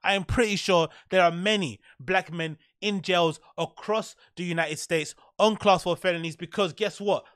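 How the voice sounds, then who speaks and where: A man hosts his podcast in a casual, opinionated way. He reads lines from an article and then picks them apart with sarcasm and indignation. His voice sits fairly high, and the sound is dry and close with no room echo. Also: moderate pace, few pauses, fairly bright tone. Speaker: podcast host.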